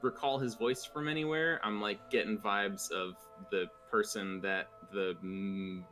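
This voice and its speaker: A man taking part in a tabletop game, speaking casually and steadily. His voice is fairly low, and faint music plays in the background. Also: fairly even intonation, measured pace, pushed and bright. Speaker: player.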